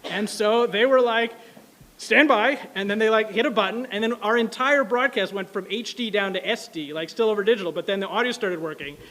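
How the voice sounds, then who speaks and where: A man telling a casual, animated story to an audience, full of fillers and asides. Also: sits high. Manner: quick, animated, many fillers. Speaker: speaker at an anniversary event.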